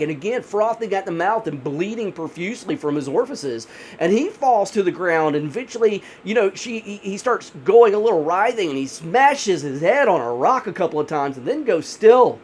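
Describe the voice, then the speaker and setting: A man retelling a grim mountain mystery in a chatty, unscripted way, full of fillers and slowing down for the gruesome parts. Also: high-pitched, breathy edge. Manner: slows down for grisly moments. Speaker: storyteller host. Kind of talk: casual spoken horror storytelling.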